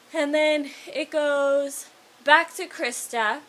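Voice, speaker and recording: A woman's voice: on the high side, lively intonation, normal speed, pushed and bright. A woman casually retelling a film, rambling and full of fillers. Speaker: vlogger.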